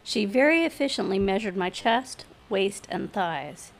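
A woman narrating a first-person story aloud in a steady, matter-of-fact reading voice. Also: medium pitch, unhurried, creaky, slight background noise. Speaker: story reader.

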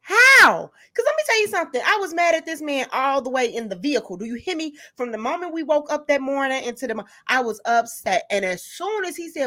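A woman's voice: sits high, sing-song, fairly quick, few pauses, pushed and bright. A woman hosting a casual podcast chat, talking bluntly and animatedly.

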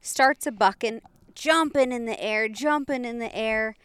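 A woman telling a story in casual chat, animated and laughing often, with playful sound effects. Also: a little high, unhurried, smooth, no echo.

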